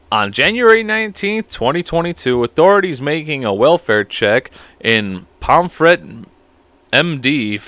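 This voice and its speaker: A man's voice: mid-range voice, sharp tone, no room sound. A man in his thirties hosting a podcast alone, reading stories aloud and breaking into laughing, profane commentary. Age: 30s. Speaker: podcast host.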